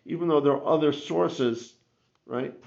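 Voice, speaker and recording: A man with a very gravelly, creaky voice leads a Talmud class, asking rhetorical questions and restarting his sentences. The recording is muffled and lo-fi. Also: on the high side, unhurried, darkish tone. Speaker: Talmud teacher.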